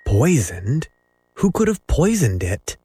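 A man voicing a brave, boastful young boy hero in a raised, excited voice for a storybook reading. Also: medium pitch, slow, breathy edge, soft background music, pitched above the performer's own voice, heavily acted. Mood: scornful.

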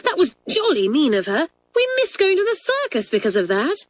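A high, bright-voiced boarding-school girl, as a woman reader puts her on, outspoken and quick to protest. She talks up in a lifted register, eager and full of feeling, like a character in a read-aloud storybook. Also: big pitch swings, no room sound. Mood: indignant.

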